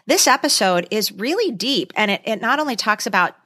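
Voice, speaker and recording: A woman's voice: fairly high pitch, animated, fairly quick, sharp tone. A woman co-hosting a podcast, chatting casually, emotional and gushing, with rambling restarts. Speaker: podcast co-host. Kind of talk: casual chat.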